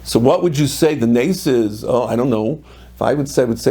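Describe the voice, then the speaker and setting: Gravelly rabbi telling a story. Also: male voice, mid-range voice, lively intonation, brisk, mellow. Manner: storytelling, acting out quotes, sprinkled with Hebrew and Yiddish terms. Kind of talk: sermon.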